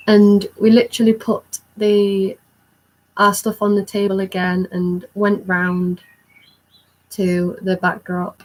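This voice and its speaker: A young woman telling an excited storytime vlog in a rambling, chatty way. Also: mid-range voice, unhurried, poor audio. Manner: excited, rambling recounting with many fillers. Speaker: vlogger.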